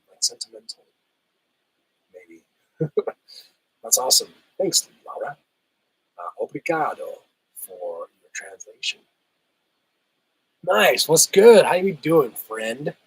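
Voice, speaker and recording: A man hosts a relaxed live stream and answers his viewers in a chatty, easygoing way. His voice is husky and a little rough, still getting over a cold, at a middle pitch. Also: takes it slowly, pauses often, no echo, low-quality recording. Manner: laid-back, chatty, laughs often, says "hell yeah". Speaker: livestream host reading chat. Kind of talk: casual livestream chat.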